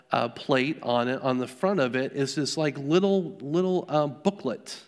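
A man's voice: fairly high pitch, clear, resonant tone. Middle-aged male pastor telling stories in a sermon. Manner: conversational storytelling, frequent restarts and rhetorical questions.

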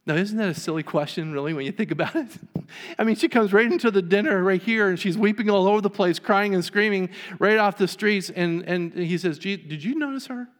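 A man's voice: high-pitched, fairly quick. Preacher man in an echoing church. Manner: storytelling, acting out the characters. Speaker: pastor. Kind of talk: sermon.

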